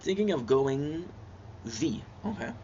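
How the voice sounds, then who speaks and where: A male gaming streamer chats with his viewers in a rambling, jokey way, calling them bro. His voice is a little high, expressive, slow and mellow. The audio is slightly muffled with a faint hiss in the background.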